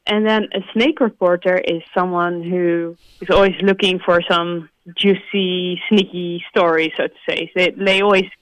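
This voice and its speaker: A woman's voice: lowish voice, fairly even intonation, unhurried, few pauses, dry recording, low-quality recording. Chatty woman explaining English words. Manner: chatty, with fillers like "so to say". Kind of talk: casual explanation.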